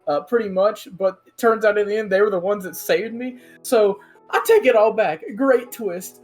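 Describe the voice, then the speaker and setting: A man giving a casual contestant confessional, quick, animated and self-justifying as he recounts the game. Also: sits high, faint music behind.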